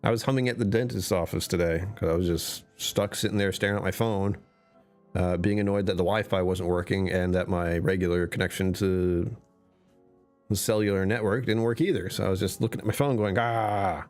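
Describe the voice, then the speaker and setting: A man's voice: low voice, fairly even intonation, fairly quick, a little mellow, soft background music. A man streamer chatting casually with his live chat, answering comments and laughing often.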